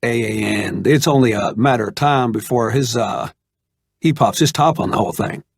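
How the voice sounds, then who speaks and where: A man playing a laid-back middle-aged Arkansas man, talking in an easygoing, calming drawl. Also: mid-range voice, normal speed, vocal fry, breathy edge, no room sound.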